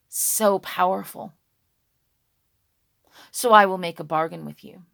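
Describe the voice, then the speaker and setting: Storyteller lady putting on an old wise dragon lady, super slow and gravelly. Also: medium pitch, a bit bright, no room sound, clean studio sound, full character voice. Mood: commanding. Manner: slow, solemn and measured. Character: old lonely female dragon, proud and wise.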